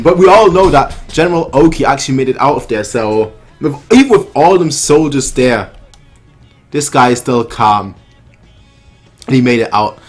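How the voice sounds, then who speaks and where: A man hosting a manga reaction, reading panels aloud and commenting excitedly, often repeating himself. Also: normal speed, soft background music. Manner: excitable, repeats himself, reads dialogue in a lower voice.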